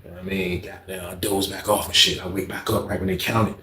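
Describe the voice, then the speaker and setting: A man telling a casual, profane jail story in an animated way, acting out what people said. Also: sits low, quick pace. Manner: animated, profane, acts out quotes loudly. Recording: echoey room.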